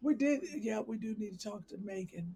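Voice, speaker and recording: A woman co-hosting a live talk show, blunt and teasing with quick comebacks. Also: mid-range voice, vocal fry, crowd noise. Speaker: co-host.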